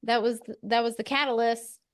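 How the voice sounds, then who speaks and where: A woman's voice: fairly high pitch, fairly even intonation, fairly quick. A middle-aged woman co-hosting a family podcast, chatty and laughing as she tells stories about her marriage. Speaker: podcast co-host. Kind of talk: casual conversational teaching.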